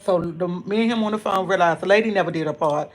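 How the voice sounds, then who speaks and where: A woman's voice: lowish voice, fast. A woman hosting a casual live stream, greeting viewers by name and telling a rambling story with many restarts. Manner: chatty, greets viewers by name and reads comments aloud.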